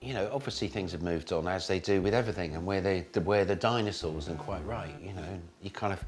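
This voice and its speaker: A man in his forties, a comedian talking in a relaxed, rambling, self-deprecating way in an interview. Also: deep voice, fast talker. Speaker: comedian guest. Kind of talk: casual interview.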